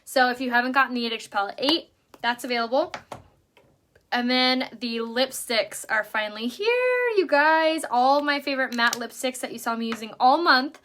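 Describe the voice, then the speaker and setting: A woman's voice: high voice, moderate pace, fairly bright tone, slight background noise. A middle-aged woman hosting a casual makeup live stream, bubbly and chatty but tired from a late night. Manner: bubbly, chatty, greets viewers. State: tired, yawning.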